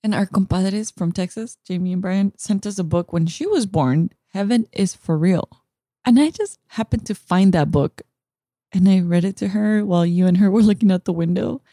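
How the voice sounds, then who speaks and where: A woman's voice: mid-range voice, moderate pace, mellow, dry recording, clean studio sound. A woman in her thirties talking tenderly and near tears in an emotional podcast conversation, dropping in Spanish now and then. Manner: tender, tearful, mixes in Spanish. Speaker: podcast co-host.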